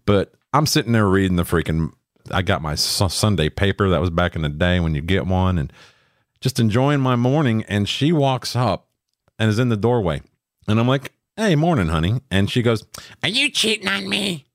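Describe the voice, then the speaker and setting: A man's voice: lowish voice, expressive, moderate pace, no room sound, clean studio sound. A middle-aged man, co-host of a podcast, telling stories in a blunt, profane, casual way. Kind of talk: casual chat.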